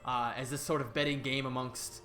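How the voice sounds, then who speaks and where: A man's voice: mid-range voice, level tone, brisk, music in the background. A man narrating as game master over a video call, loose and rambling with plenty of fillers. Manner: loose and rambling, many fillers, laughs easily. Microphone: headset on a video call.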